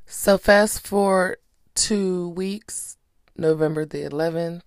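A woman's voice: low-pitched, steady tone, slow pace, no echo, clean studio sound. Blunt, profane woman podcast host. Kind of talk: casual commentary.

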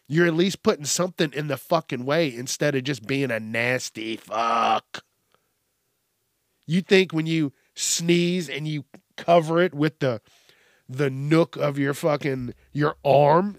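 A man rants on his own podcast, cursing freely and talking bluntly. His voice sits a bit high for a man and he takes his time. The sound is dry and close, with no room echo. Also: lively intonation, measured pace, a bit bright. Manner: blunt, heavy cursing, ranting. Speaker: podcast host. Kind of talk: casual profane rant.

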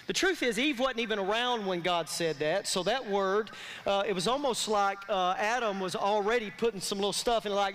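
High, bright-voiced man preaching a sermon. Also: expressive, fairly quick. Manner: preaching with call-and-response to the congregation. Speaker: pastor. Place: church sanctuary. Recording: long reverb of a large hall.

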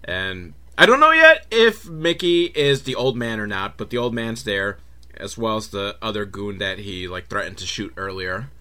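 A man's voice: lowish voice, lively intonation, normal speed, bright, forceful tone, clear, resonant tone. A man hosting a comedic film recap, talking sarcastically and profanely with laughing asides. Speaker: host.

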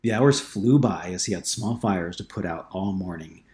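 Low-voiced man narrating an audiobook. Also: normal speed, darkish tone.

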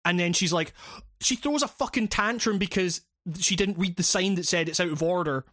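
A man's voice: sits high, moderate pace, a bit bright, dry recording, clean studio sound. A man recapping a video game plot in casual chat, rambling and swearing, with many fillers and restarts.

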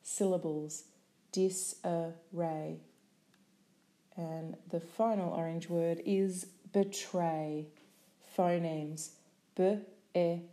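A woman teaching a spelling lesson, saying each sound and syllable slowly and carefully. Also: lowish voice, steady tone, warm tone.

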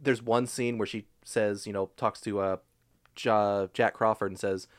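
A young man with a fairly low voice hosts a casual movie podcast. He talks with eager enthusiasm and drops curse words freely as he runs the conversation. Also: measured pace. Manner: animated, enthusiastic, swears freely. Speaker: podcast host. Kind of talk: casual chat.

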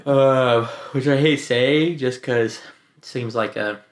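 A man's voice: mid-range voice, slow, a little hiss or hum. A young man chatting casually on a podcast, loose and slangy, often mimicking others in a raised voice. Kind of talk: casual chat. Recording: echoey room.

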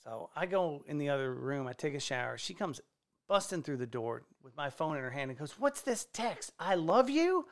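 A man, a stand-up comedian, telling a rambling profane story on a casual podcast with excitable energy. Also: mid-range voice, a little fast. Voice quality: gravelly, excitable, swears freely.

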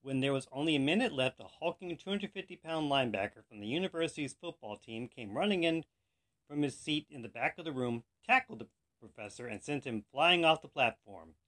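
A man hosting a podcast, telling jokes in an animated storytelling manner. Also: mid-range voice, brisk. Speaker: podcast host. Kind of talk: joke telling.

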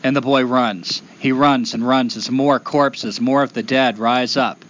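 A male storyteller tells a traditional folktale aloud, building rhythm through repeated phrases. His voice is mid-pitched and expressive. The recording is a little dull, with a faint hiss beneath. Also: unhurried.

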